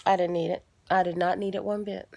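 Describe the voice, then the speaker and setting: A young adult woman, pregnant, telling a story casually to her viewers, dropping into hushed asides now and then. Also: lowish voice, quick pace, vocal fry, dry recording. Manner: animated, drops to hushed asides. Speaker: vlogger.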